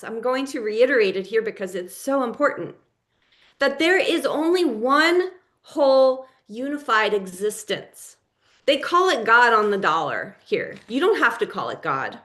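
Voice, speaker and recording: A woman life coach teaching a live session in a deliberate, emphatic way, stressing single words as she lays out spiritual ideas. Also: on the high side, a bit bright.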